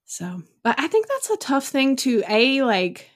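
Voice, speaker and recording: A woman's voice: sits high, very animated, a little slow. A young woman talking casually as a podcast guest. She tells stories at length and sprinkles in plenty of "like" and "you know". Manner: chatty, storytelling, many likes and you knows. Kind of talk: casual chat.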